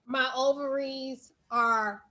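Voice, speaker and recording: A woman's voice: high voice, steady tone, slow, pushed and bright, lo-fi sound. A woman hosting a podcast, affirming and enthusiastic as she responds to her guest. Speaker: podcast host. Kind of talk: podcast conversation.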